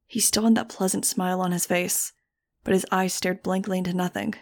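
Woman reader for first-person fiction; low-pitched, level, measured and grave. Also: level tone, a little mellow. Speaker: audiobook reader. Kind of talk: first-person audiobook narration.

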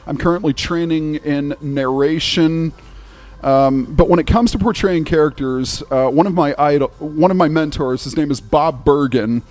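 A man's voice: on the high side, moderate pace, darkish tone. A man, a voice actor, explaining his craft in an interview, eager and full of fillers. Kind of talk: interview conversation.

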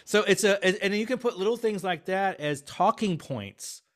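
A man as an interview guest, telling business stories in a chatty, animated way with many fillers and restarts. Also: sits high, moderate pace, a crowd in the background. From half Swiss, half Filipino family. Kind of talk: casual interview talk.

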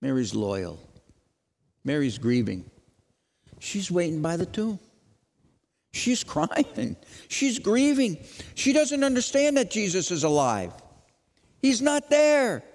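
A man preaching an Easter sermon as pastor, dramatic, moving from loud questions to hushed lines. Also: high voice, wildly swooping pitch, slow, pauses often, in a large hall.

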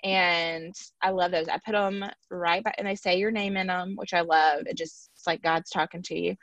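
A woman's voice: fairly low pitch, fairly even intonation, moderate pace, a bit bright, dry recording, lo-fi sound. A woman hosting a podcast, chatting in a rambling, easygoing way and laughing easily. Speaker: podcast host. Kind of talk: casual chat.

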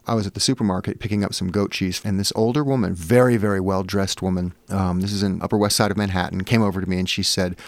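A man's voice: low voice, gravelly, dry recording. A man from Massachusetts, a memoir author, telling personal stories in an interview with candid, wry humor and frequent "you know" fillers.

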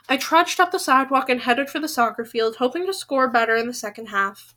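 A woman with a high, bright voice reads a novel aloud in a relaxed, chatty way. She keeps drifting off the page into animated, rambling asides before picking the story back up. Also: fairly quick. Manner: animated, breaks off into rambling side comments. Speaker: reader of a novel.

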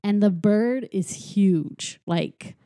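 A woman's voice: mid-range voice, very slow, no echo, studio quality. Giggly woman casually retelling a film. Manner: giggly, animated retelling with acted quotes. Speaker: podcast co-host recapping a film. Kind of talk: casual chat.

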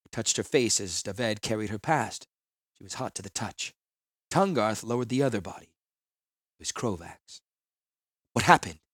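A man narrating a fantasy audiobook in a solemn, measured manner. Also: fairly low pitch, animated, no echo.

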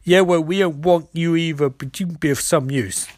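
A woman's voice: deep voice, normal speed, a little mellow, no room sound, studio quality. A man voicing a tough, cigar-smoking woman who leads a frontier gang, talking in a brash, bossy, crude way. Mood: hard, bossy.

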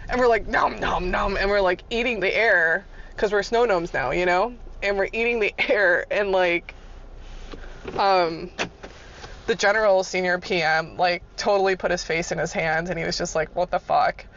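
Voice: mid-range voice, normal speed. A person telling job-site stories in a casual, rambling way, full of side notes, fillers and acted-out reactions. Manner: expressive, acts out reactions with gasps. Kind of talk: casual storytelling. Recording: dull recording with faint noise. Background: loud car passing at times.

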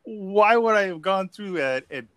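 A man's voice: unhurried, no room sound. A man co-hosting a podcast, trading crude jokes and laughing often. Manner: laughing often, lively swings in pitch. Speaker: podcast co-host. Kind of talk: crude casual banter.

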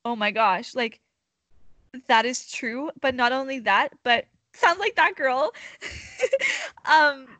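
Young woman host, bright tone, slightly high, dry sound, affirming. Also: animated, takes it slowly, pauses often, no echo. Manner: warmly affirming, emotional, laughing. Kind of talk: casual chat.

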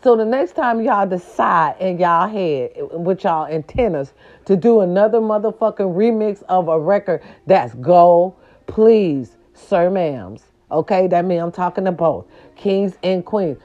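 A woman's voice: fairly low pitch, animated, a little slow, darkish tone, lo-fi sound. A woman, ranting to her viewers in a sassy, profane and emphatic casual monologue. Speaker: vlogger.

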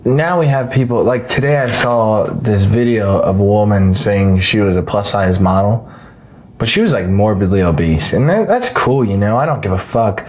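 A man's voice: fairly low pitch, expressive, normal speed, a little mellow. A man hosting a podcast, talking in a blunt, crude, joking way. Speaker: podcast host. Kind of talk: casual podcast chat.

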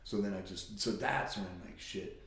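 A man's voice: fairly low pitch, moderate pace, a bit bright. A man telling his own story in a blunt, profane, casual way as a guest. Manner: blunt and profane, swears often. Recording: very echoey room.

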